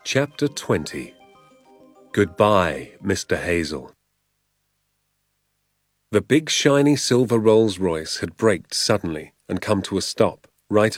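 A man with a fairly low voice reads a storybook aloud in a measured, expressive way. The sound is close and dry, with no room around it. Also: no echo. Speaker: audiobook narrator. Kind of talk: storybook narration.

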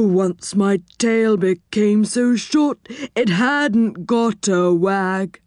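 A woman voicing a big black cat that sings a silly, drawn-out song in a storybook reading. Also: medium pitch, darkish tone, no room sound, clean studio sound.

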